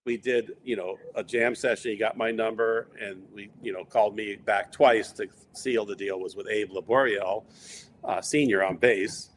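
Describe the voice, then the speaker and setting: A middle-aged man telling long, rambling stories in a relaxed interview, acting out quoted lines along the way. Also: fairly low pitch, moderate pace, a little hiss or hum. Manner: rambling anecdotes with quoted asides. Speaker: interview guest. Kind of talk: casual storytelling.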